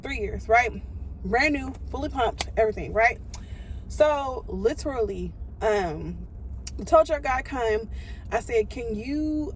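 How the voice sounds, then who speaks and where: A woman's voice: mid-range voice, low-quality recording. A woman telling a rambling story in a casual vlog from inside her car, with lots of fillers and restarts. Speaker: vlogger and single mother. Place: inside a car in city traffic. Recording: road and car noise behind.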